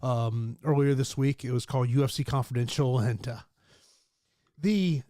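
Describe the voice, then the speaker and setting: A man's voice: mid-range voice, fairly even intonation, normal speed, dark tone, no room sound, studio quality. A man hosting a casual fight betting talk show, speaking conversationally with many fillers. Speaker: host and MMA analyst. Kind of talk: casual sports betting chat.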